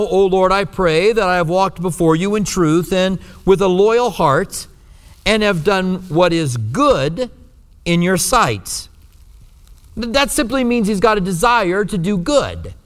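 A man preaching a sermon in an earnest way, rising to strong emphasis and dropping to hushed, low tones. His voice sits a little higher than most men's. The sound carries a long reverb, as in a large hall. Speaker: pastor.

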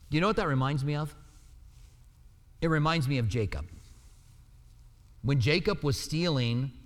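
A man preaching an earnest sermon, restarting phrases and rising in emphasis as he explains scripture. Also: medium pitch. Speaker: pastor. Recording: long reverb of a hall.

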